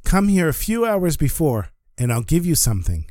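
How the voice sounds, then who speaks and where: A revered old rabbi speaks with warm authority, as a male storyteller plays him. The voice stays close to the teller's own. The sound is dry and close. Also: a little high, sing-song, moderate pace, dry recording, voice pushed up. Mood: commanding.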